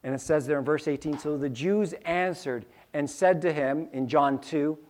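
A man's voice: on the high side, moderate pace, hardly any pauses, a little mellow. A man preaching a sermon, acting out little scenes with sound effects and repeating key lines for emphasis. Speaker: pastor.

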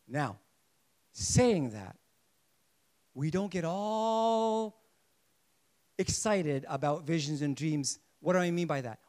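A man delivering a sermon with a fairly high voice. He preaches in a lively way, putting questions to the congregation and slipping in jokes. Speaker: pastor.

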